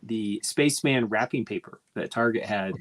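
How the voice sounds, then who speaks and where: A man's voice: lowish voice, normal speed, slight background noise. Guy in a chat show, dry teasing humor, tells little stories. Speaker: podcast co-host. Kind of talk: casual chat.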